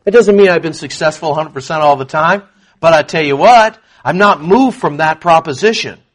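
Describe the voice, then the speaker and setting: A man preaching a sermon to a congregation, emphatic, swinging between quiet asides and loud proclamation. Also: fairly high pitch, fairly quick. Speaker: pastor.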